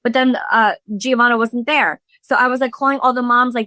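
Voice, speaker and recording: A woman's voice: a little high, fairly even intonation, fast, few pauses, pushed and bright, no echo. A woman in her thirties, a podcast host, recounting a chaotic story in casual chat, full of swearing, fillers and acted-out quotes.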